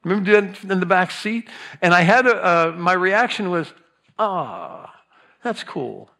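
A man's voice: high voice, brisk, pushed and bright. A middle-aged man preaching a chatty sermon, telling stories with playful asides and drawing the congregation in. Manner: chatty storytelling with playful asides and audience prompts. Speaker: pastor. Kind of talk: conversational sermon.

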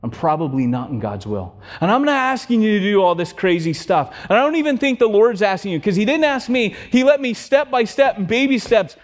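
A middle-aged man preaching a sermon, telling stories with acted-out voices and swinging from loud to hushed. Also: sits high, very animated, fairly quick, few pauses. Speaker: pastor.

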